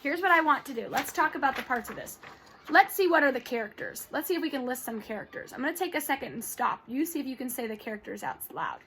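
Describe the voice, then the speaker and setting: Woman teacher, story lesson, encouraging, high-pitched, faint hiss. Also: animated, fairly bright tone. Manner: encouraging, pausing to prompt children. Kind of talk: reading a story aloud to students.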